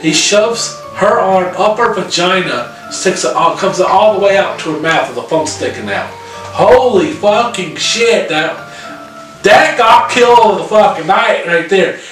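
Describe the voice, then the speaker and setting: A man casually recapping a horror film's plot, profane and animated, with lots of fillers. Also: high-pitched, a little slow. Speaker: podcast co-host reviewing a horror film. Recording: very echoey room, far from mic, music behind.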